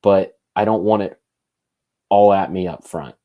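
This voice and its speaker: A man's voice: low-pitched, a little slow, phone-quality sound. A man co-hosting a podcast, thinking aloud in loose, casual conversation. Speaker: podcast co-host.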